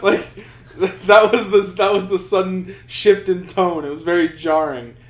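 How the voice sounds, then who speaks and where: Rambling, higher-voiced young man. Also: moderate pace. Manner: rambling storyteller, lots of restarts and swearing. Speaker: podcast co-host. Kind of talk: casual chat. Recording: roomy echo.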